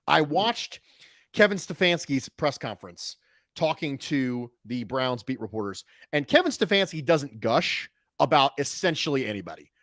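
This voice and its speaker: A man hosting a casual sports podcast, talking in an animated way with quick jokey asides. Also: medium pitch, no room sound, clean studio sound. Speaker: show host.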